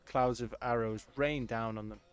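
Dude reading a short story audiobook, steady even narration. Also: male voice, mid-range voice, moderate pace, smooth.

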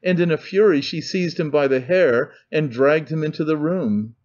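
Male audiobook narrator, fairly high voice, measured reading, dull lo-fi sound. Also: darkish tone. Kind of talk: scripted narration. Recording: dull lo-fi recording.

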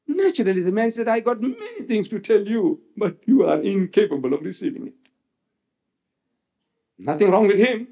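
Animated man lecturing emphatically. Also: sits high. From South Africa. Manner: emphatic, repeats phrases for effect, dramatic scripture quoting. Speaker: religious lecturer. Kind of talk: public religious lecture.

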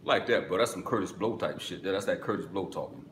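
A man hosting a live music-business webinar, reading chat and answering casually, with sudden excited bursts between relaxed stretches. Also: fairly quick. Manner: excitable bursts, then drops low and relaxed. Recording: echoey room, faint background noise.

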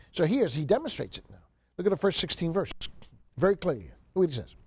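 A male Bible teacher lectures a class in a fairly high voice, reading verses aloud and pressing his points home. He repeats key phrases and keeps asking the room whether they see it. The sound is dry and close, with no room echo. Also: very animated, a little fast, darkish tone, husky. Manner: emphatic, asks the class rhetorical questions, repeats key phrases. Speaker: seminary lecturer.

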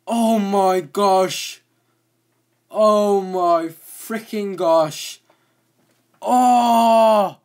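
Jumpy young man narrating a game. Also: a little high. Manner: excitable, easily startled, exclaims often. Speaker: gaming video host. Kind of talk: casual game commentary.

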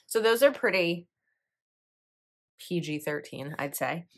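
A woman's voice: lowish voice, expressive, slow pace, long pauses. A woman in her thirties, a planner vlogger, chatting casually and giggling as she reads sticker quotes aloud. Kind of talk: casual product review, reading sticker quotes.

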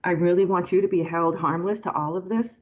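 A woman's voice: lowish voice, fairly even intonation, brisk, dull audio, a little hiss or hum. A woman resident giving appreciative public comment at a town forum. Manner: warm thanks, appreciative.

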